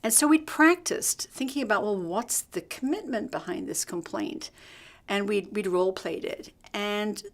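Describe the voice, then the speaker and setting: A middle-aged woman teaching leadership through a hospital story, telling it in a lively way and acting out the dialogue. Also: mid-range voice, moderate pace. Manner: lively, acts out quoted dialogue. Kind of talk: storytelling workshop talk.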